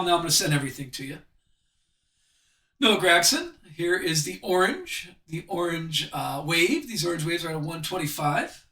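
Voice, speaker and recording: A man runs a live trading card break stream, chatting upbeat while opening packs and calling out every card. His voice is a little high, pushed, and bright, and it comes across far from the mic and a bit off-mic in an echoey room.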